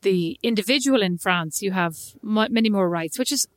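A woman's voice: mid-range voice, moderate pace, dry recording. Chatty woman with a dry close sound. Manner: chatty storyteller, acts out quoted exchanges. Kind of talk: casual chat.

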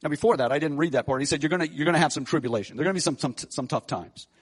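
A middle-aged man delivering a sermon from the pulpit. His voice sits a little high for a man, and he swings from quiet, thoughtful stretches to emphatic, rising declarations, often restarting phrases mid-thought. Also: very fast, breathy edge. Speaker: pastor.

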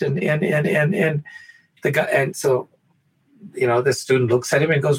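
A man talking on a podcast, telling a spiritual parable in an animated way, stumbling over many restarts. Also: mid-range voice, normal speed, husky. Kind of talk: spiritual talk and storytelling.

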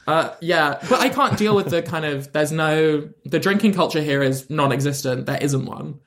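A young British man in his twenties, a guest in a casual chat, talking in a sweary, animated, joking way. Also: on the high side, moderate pace. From England. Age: 20s. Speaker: comedian guest.

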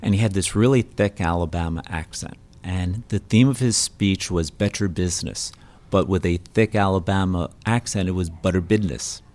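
Man, interview host, conversational, slightly low voice. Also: a little mellow. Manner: conversational, drops in quick asides.

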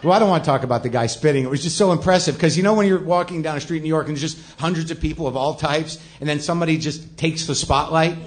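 Fast and on the high side, with hardly a pause, a middle-aged man hosts a live comedy show as a faint hiss or hum sits in the audio. He rambles on stage at the club, putting himself down and swearing plenty.

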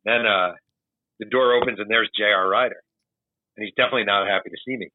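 A man, an author, telling animated stories in casual chat and acting out the people he quotes. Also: on the low side, fast talker. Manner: animated anecdotal storyteller, acts out quotes. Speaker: author guest. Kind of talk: casual storytelling. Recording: dry tinny call audio.

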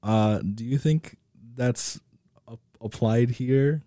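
A man at mid pitch talks through his moves in a tabletop game, pausing and thinking aloud about what the rules allow. The mic is close and the room is dry. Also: dark tone, no echo. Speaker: player.

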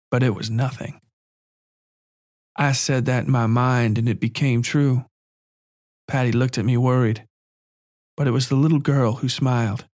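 A man narrating a first-person horror story in a measured, quiet, calm way. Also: mid-range voice, dry recording, clean studio sound.

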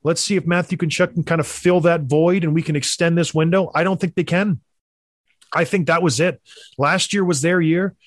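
A young adult man hosting a sports talk show, emphatic and animated, with mocking asides. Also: a little high, moderate pace, dry recording, clean studio sound. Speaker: sports podcast host. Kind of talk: opinionated hockey talk.

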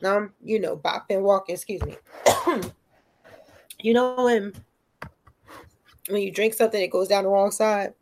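A woman telling a story in casual chat, animated and profane, often checking in with "right?". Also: medium pitch, moderate pace, pauses often, background noise.

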